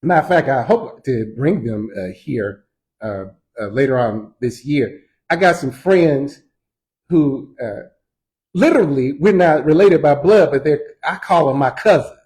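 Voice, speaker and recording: Lively, animated preaching man. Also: medium pitch, measured pace, low-quality recording. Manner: lively, folksy preaching with slang and repetition. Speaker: pastor. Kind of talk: Sunday school teaching. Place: church.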